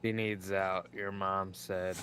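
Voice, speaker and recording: A man chatting casually on a stream in a slow, laid-back way. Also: low voice, flat delivery, a bit bright, slight background noise. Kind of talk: casual chat.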